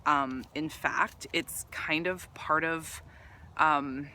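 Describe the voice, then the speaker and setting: A business coach for women entrepreneurs talks earnestly to her camera, recorded on the camera mic with slight background noise. Her voice is low, her tone bright and forceful. It's casual, a bit rambling talk with lots of ums and restarts.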